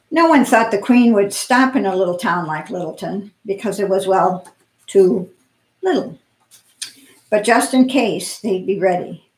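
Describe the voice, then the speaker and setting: A woman at a church service reading a children's story aloud in an expressive, playful way. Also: medium pitch. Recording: echoey room.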